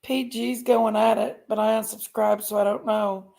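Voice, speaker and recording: Woman, livestream host, gravelly fry, folksy rambling delivery. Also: mid-range voice, fairly even intonation, moderate pace, warm tone. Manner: rambling, folksy, talks to chat. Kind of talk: casual livestream chat.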